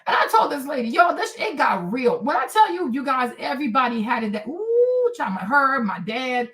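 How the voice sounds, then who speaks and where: A woman's voice: high voice, moderate pace. A young woman hosting a livestream, ranting indignantly to her viewers in a casual storytelling way. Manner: animated, indignant, talks to viewers as y'all. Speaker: livestream host.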